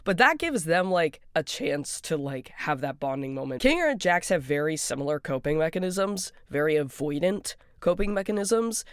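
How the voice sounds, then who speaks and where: A fan rambling casually about a cartoon, excitable and giggly, often breaking into laughter. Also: medium pitch, moderate pace, few pauses, clean tone, no echo, studio quality. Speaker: fan commentator.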